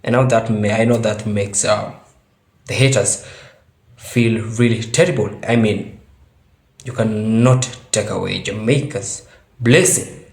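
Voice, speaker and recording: A man's voice: on the low side, measured pace, vocal fry, pauses often, darkish tone. A man hosting his own channel, giving emphatic commentary straight to his viewers. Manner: emphatic, addresses viewers directly. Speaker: YouTube channel host. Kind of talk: vlog commentary. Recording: roomy echo.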